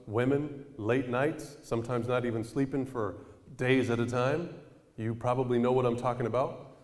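A man preaching a sermon in a casual storytelling way, acting out the people in his anecdotes. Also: medium pitch. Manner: animated storyteller, acting out quoted voices. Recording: reverberant hall.

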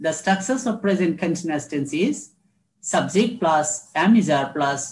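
A man's voice: fairly high pitch, animated, normal speed. A man who speaks Bengali natively, teaching an English lesson. He drills words, repeats them, translates each line and keeps calling the listener "my dear student". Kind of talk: recorded classroom lesson.

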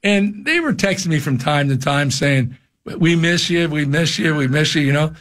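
Older man telling animated stories. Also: moderate pace. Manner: animated storyteller, jumps high for quoted shouts. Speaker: radio show guest and former coach. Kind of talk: casual storytelling chat. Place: radio studio.

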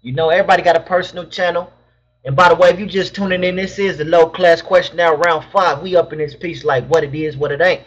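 A young man with a high voice hosts a casual live stream from home. He reads chat questions aloud and answers them in loose, slangy banter. His webcam mic sounds dull and lo-fi. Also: fairly even intonation, fast talker. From Southern California.

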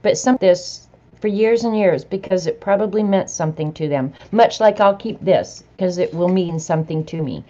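A woman's voice: lowish voice, moderate pace, warm tone, lo-fi sound. A middle-aged woman vlogger chatting casually to viewers as she opens mail, laughing and reading bits aloud. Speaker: vlogger opening happy mail.

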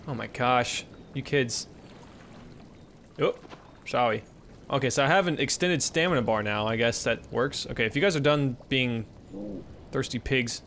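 A young man giving casual let's-play commentary, swinging between excited yelps and hushed murmurs, swearing casually and coaxing his in-game kids along. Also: medium pitch, a little slow, gravelly, slight background noise.

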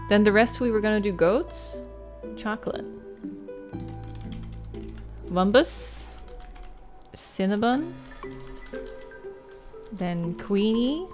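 A woman's voice: mid-range voice, darkish tone. A woman giving casual gameplay commentary, chatting to herself, humming and giggling as she plays. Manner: chatty, muses aloud, giggles and hums while playing. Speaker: gaming video creator.

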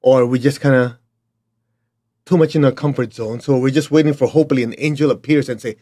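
Middle-aged man, Chinese accent, motivational teacher, blunt and emphatic, mid-pitched voice. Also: steady tone, fast talker, warm tone. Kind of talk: motivational talk.

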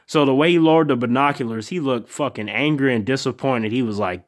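A man's voice: mid-range voice, fairly quick, hardly any pauses. A man hosting a casual vlog review, laid-back and profane, often laughing and acting out characters' lines. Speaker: TV show reviewer and channel host.

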